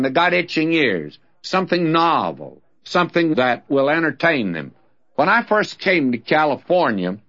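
Folksy older Southern radio preacher. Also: male voice, mid-range voice, fairly bright tone. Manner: folksy, conversational preaching with storytelling. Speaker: radio Bible teacher. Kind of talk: radio Bible teaching. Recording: dull lo-fi old radio recording.

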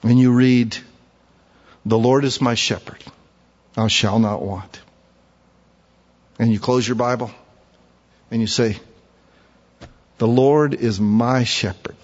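A man preaching a sermon, telling folksy stories and switching between quiet asides and loud, emphatic points. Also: mid-range voice, fairly even intonation, slow, long pauses, long reverb tail, lo-fi sound. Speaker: pastor.

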